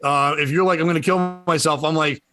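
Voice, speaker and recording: A man's voice: on the high side, fairly even intonation, fairly bright tone, soft background music. A comedian in his thirties from Connecticut, chatting on a podcast with jokes and swearing. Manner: joking, swearing, quick riffs. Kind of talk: casual chat.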